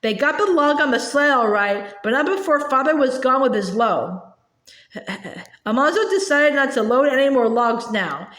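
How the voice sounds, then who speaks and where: A woman reads a children's novel aloud in a gentle, unhurried storytelling manner, stumbling and restarting now and then. Her voice sits high. The recording has a roomy echo. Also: animated. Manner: clear, gentle storytelling with small slips and restarts. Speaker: audiobook reader. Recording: echoey room.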